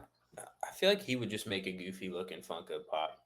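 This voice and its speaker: A man with a low but bright, forward voice speaks as a guest in a casual chat. He rambles through his answers, restarting and padding them with fillers. He sounds easygoing and unhurried. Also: animated, a little hiss or hum.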